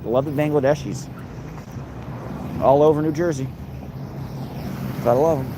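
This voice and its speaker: This male livestream host sounds fairly high-pitched and keeps a steady tone at a moderate pace. In a casual stream recorded somewhere noisy outdoors, he reads viewer comments and jokes crudely, in a mock-threatening way.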